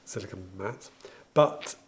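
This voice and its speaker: A home baker shows off his favourite kitchen tools, chatty, jokey, and enthusiastic. He talks a little slowly, and there's a faint hiss or hum on the recording.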